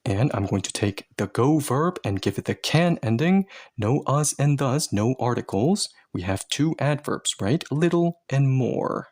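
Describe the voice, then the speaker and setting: A husky-voiced man leads a language lesson at an even, middle pitch. He explains the grammar patiently and step by step. Now and then he adds a playful aside. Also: measured pace, few pauses. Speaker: Korean language teacher.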